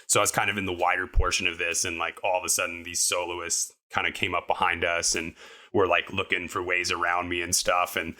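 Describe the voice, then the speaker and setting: Young male podcast guest, deep but bright voice, chatty storyteller full of "like" and "um". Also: little pitch movement, fairly quick. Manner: rambling, upbeat, lots of fillers like "like" and "um". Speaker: podcast co-host and guest recounting a climbing fall. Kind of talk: casual storytelling interview.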